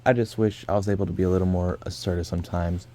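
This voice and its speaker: Monika, a man voicing a soft calm club president. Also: low voice, dry recording, close to an everyday voice. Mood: gentle. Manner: gentle, measured.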